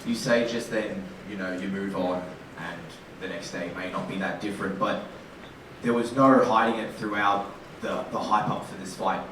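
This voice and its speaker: A man's voice: on the low side, steady tone, normal speed. A male reporter asking a long, winding question at a press conference. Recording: very echoey room, distant mic, background noise.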